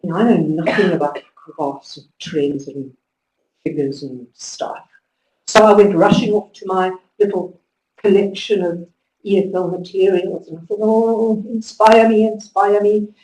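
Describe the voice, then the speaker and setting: A woman's voice: lowish voice, measured pace. Woman lecturing in an echoey hall. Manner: lively storytelling, emphatic instructions. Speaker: conference speaker. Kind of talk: conference talk to teachers. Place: conference hall. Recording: echoey hall, distant mic.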